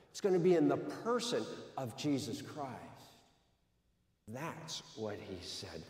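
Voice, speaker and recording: A man preaching in a relaxed, conversational way, often restarting his sentences and dropping in small asides. His voice is of middling pitch and carries a long reverb, as if picked up from some distance across a big church hall. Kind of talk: sermon. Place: church sanctuary. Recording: echoey hall, mic from far off.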